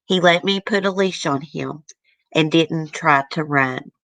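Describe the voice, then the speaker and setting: A woman's voice: low voice, unhurried, fairly bright tone, dry recording. A woman host reading a letter aloud to her viewers in an earnest, easily moved way, stopping now and then to comment.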